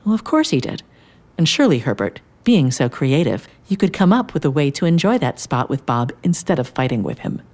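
A woman voicing a gentle, wise man in a storybook tale, speaking calmly and coaxingly. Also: sits low, a little fast. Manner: calm, coaxing. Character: gentle wise male peacemaker.

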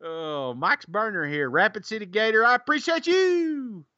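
A man's voice: sits high, lively intonation, moderate pace, bright, forceful tone, no echo, lo-fi sound. A man co-hosting a casual podcast, joking, laughing often and reading listener reviews aloud. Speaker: podcast co-host.

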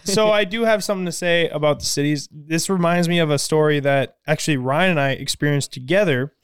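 Animated man spinning a story, clear-voiced. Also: a little high, fairly quick, no room sound, studio quality. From Minnesota. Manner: animated storyteller, swears freely. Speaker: podcast co-host. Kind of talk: casual podcast chat, storytelling.

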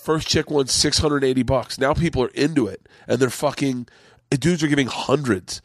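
A man's voice: medium pitch, normal speed, no echo. A middle-aged man telling a long rambling story in casual chat, swearing freely and acting out what others said. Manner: rambling, profane, acts out quotes. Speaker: podcast host, comedian.

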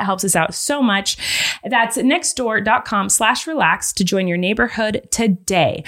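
A woman's voice: medium pitch, fairly bright tone. A woman co-hosting a podcast in casual chat, giggly and chatty with lots of fillers. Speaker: podcast co-host.

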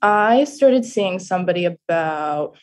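A woman's voice: fairly low pitch, lively intonation, measured pace. A woman in her twenties calling in to a podcast, explaining her dating situation hesitantly with lots of fillers. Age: 20s. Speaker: caller. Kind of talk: casual phone-in chat.

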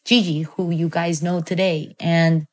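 Telling a personal story as a guest, this woman speaks at a measured pace in a slightly low voice. She's casual and animated, though loose in delivery, with lots of fillers and false starts.

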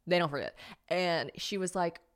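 A woman's voice: on the low side, normal speed. A woman in her thirties hosting a podcast, chatting casually and rambling, with frequent laughs. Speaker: podcast host. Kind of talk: casual chat.

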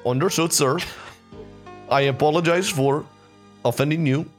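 A man's voice: fairly high pitch, moderate pace, soft background music, voice pushed up, close to an everyday voice. A man voicing an overly polite male customer service agent with an Indian accent in an improvised comedy sketch. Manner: overly polite, apologetic, formal phrasing.

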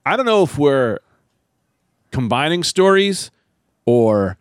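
A man's voice: fairly high pitch, slow pace, clear, resonant tone, no echo, clean studio sound. A man hosting a podcast in casual chat, telling stories and acting out quotes. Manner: animated storyteller, acts out quotes. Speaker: podcast host. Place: room above a comedy club.

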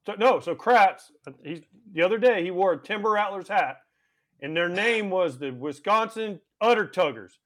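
A man's voice: sits high, lively intonation, moderate pace, a bit bright. A man hosting a podcast, chatting in a playful, joking way. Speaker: podcast host. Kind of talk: casual podcast chat.

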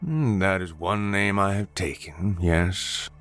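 A man voicing an ancient male god who passes judgment in slow, grand, booming pronouncements. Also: a bit bright, soft background music. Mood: imperious.

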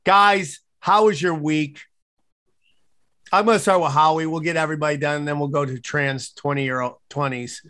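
Male podcast host on a video call, slightly high voice, joking and rambling. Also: steady tone, moderate pace, sharp tone, clear, resonant tone. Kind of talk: casual chat.

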